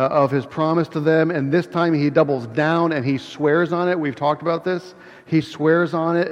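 A male pastor delivering a sermon with animated storytelling and emphatic repetition. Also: mid-range voice. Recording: dull sound in a long-echo hall.

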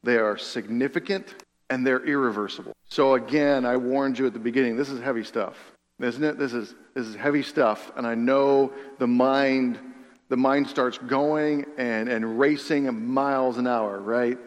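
A man preaching a sermon in an earnest way, repeating phrases for emphasis and dropping to a hush on key lines. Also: mid-range voice, steady tone, moderate pace, big-room sound. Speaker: pastor.

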